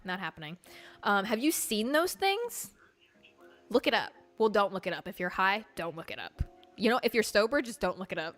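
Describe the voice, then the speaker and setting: A young woman hosting a casual livestream, telling stories in an animated, chatty way full of fillers and swearing. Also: mid-range voice. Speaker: livestream host.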